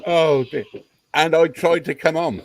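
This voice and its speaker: A man's voice: a little high, vocal fry, no echo, poor audio. Dry-voiced English man mocking on a livestream. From England. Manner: mocking, chuckling. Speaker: livestream host. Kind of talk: casual reaction chat.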